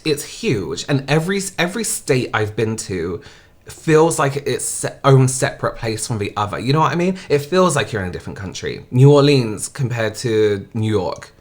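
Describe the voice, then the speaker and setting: An English man from England hosting a reaction video, chatting casually and swearing freely. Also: mid-range voice. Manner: chatty, swears freely, often asks "you know what I mean?".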